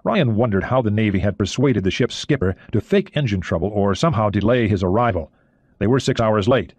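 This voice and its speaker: Low-voiced male audiobook narrator. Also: lively intonation, fairly quick, a little mellow, slightly rough, no echo. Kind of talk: audiobook reading.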